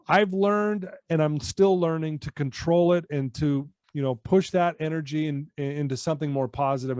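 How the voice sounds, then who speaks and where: A man's voice: medium pitch, no room sound. A man coaching in personal development, telling a story as a podcast guest and acting out the dialogue with energy. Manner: animated storyteller who acts out quoted dialogue. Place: his office at home.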